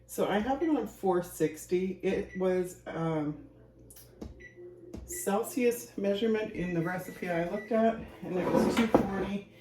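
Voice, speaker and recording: A woman's voice: mid-range voice, unhurried, reverberant, noisy background. A woman casually chatting while she cooks at home, rambling and thinking aloud, a little out of breath. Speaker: home cooking vlogger. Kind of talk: casual kitchen chat. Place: home kitchen.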